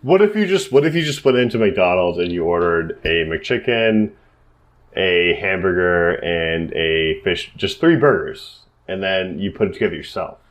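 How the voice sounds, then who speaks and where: Male co-host, very low voice, congested, rambling and profane. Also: expressive, normal speed. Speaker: podcast co-host. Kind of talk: casual chat.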